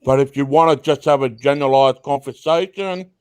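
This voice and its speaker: A man's voice: medium pitch, a little fast, darkish tone, smooth. Laid-back man hosting a chat show. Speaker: host. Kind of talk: casual profane chat.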